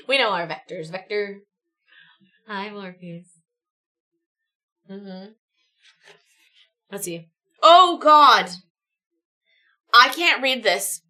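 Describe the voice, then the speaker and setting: A woman's voice: medium pitch, lively intonation, very slow, pauses often, pushed and bright, faint music behind. A woman reading a choose-your-own-adventure book on a livestream, with chatty, giggly asides. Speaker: livestream reader.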